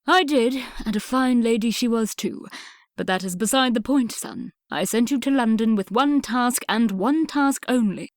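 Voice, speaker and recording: A woman reading an audiobook, voicing a blustering older Regency father who speaks in a booming, brusque and emphatic way. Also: normal speed, no room sound, studio quality, lightly acted. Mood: stern.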